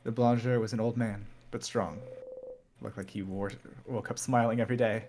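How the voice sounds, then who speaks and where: A man's voice: lowish voice, steady tone, fairly quick, background noise. Man reading game text with dramatic build. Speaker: game streamer.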